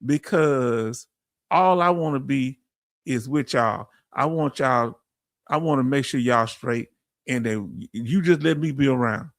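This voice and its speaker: A middle-aged Texan with a Southern accent hosts a casual veterans' livestream, replying to his chat in a folksy, animated way. His gravelly, mid-range voice moves at a measured pace, with a dry, clean studio sound.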